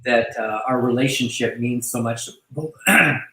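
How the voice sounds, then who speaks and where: A man's voice: medium pitch, pushed and bright. Effusive man in a roomy room. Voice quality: effusive, halting, full of restarts and fillers. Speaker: host welcoming a new agent. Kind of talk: casual online video chat.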